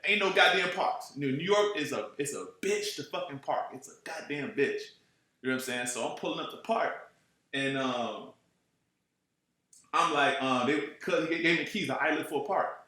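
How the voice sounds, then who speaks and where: Animated man telling a street story in an echoey room. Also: a little high, normal speed. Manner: animated, profane, streetwise slang, keeps asking "you know what I'm saying". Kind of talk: casual storytelling.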